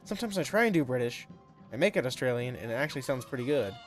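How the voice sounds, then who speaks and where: A man talks through his game stream in a loose, rambling way, laughing at himself and drifting between thoughts. His pitch sits in an ordinary middle range. A faint bed of music runs underneath his voice. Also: lively intonation, quick pace. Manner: rambling, self-deprecating, laughs often. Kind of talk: casual live-stream commentary.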